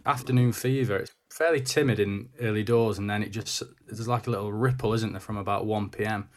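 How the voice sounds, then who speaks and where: A man's voice: fairly low pitch, steady tone, fairly quick. A man talking enthusiastically and casually about an upcoming cricket test. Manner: upbeat, enthusiastic. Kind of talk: casual podcast chat.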